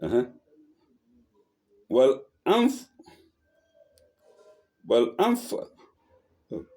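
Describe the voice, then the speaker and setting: A man teaching the Quran verse by verse, reciting lines and then translating them slowly, often correcting himself and checking in with "eh?". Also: mid-range voice, huge pitch swings, dark tone. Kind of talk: verse-by-verse scripture lesson.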